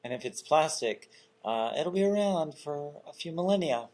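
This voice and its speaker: A man hosting an interview, relaxed and chatty, with joking asides. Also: a little high, normal speed. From North Carolina. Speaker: interview host.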